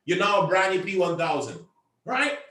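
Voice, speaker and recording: High-voiced man giving a loud, repetitive pep talk. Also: sing-song, normal speed, roomy sound, far from the mic. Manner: emphatic and repetitive, often raising his voice. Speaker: team leader addressing a convention call.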